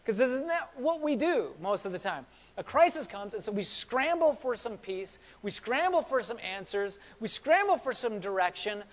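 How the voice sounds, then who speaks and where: Male pastor, high voice, chatty sermon delivery with repeated words and questions, reverberant church sound. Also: big pitch swings, normal speed. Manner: conversational, repeats words, asks the congregation questions.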